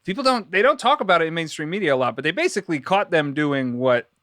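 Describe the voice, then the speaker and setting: A man's voice: a little high, expressive, fast talker, fairly bright tone, no echo, studio quality. A man co-hosting a casual podcast chat, musing at length about conspiracy stories with loose, rambling phrasing. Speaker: podcast co-host.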